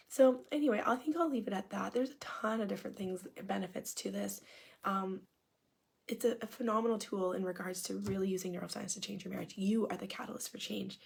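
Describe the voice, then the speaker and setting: A woman coach talks in a casual, upbeat and encouraging way, sometimes sinking almost to a whisper. Her voice is husky with a gravelly edge. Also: mid-range voice, fairly even intonation, fairly quick, a little mellow. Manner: chatty, upbeat and encouraging, dropping to near-whispers at times. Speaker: marriage coach and hypnotist. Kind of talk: casual talk answering questions.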